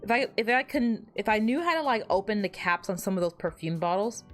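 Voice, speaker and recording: A young woman talks loosely to her stream audience, hopping between thoughts with restarts and wry self-deprecation. Her voice sits at a middling pitch and sounds a little hoarse. Soft music plays faintly behind her. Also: animated, a little fast. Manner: rambling, self-deprecating, frequent restarts and fillers. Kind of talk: casual livestream chat.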